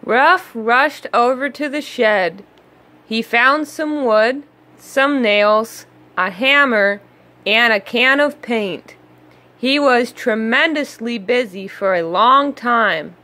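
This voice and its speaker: A woman reading a children's picture book aloud, slow, gentle and expressive. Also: fairly high pitch. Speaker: storybook reader. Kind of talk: children's read-aloud narration.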